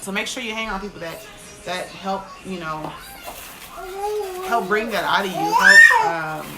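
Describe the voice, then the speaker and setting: A woman's voice: medium pitch, very animated, measured pace, over loud music. An American woman chatting casually on a live stream, giving motivational tips between frequent laughs.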